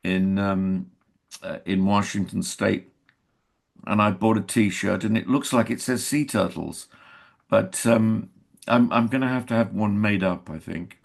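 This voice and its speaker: A man's voice: fairly low pitch, a little slow, creaky. An older man from England, an actor guest in a casual interview, telling anecdotes and acting out quoted dialogue.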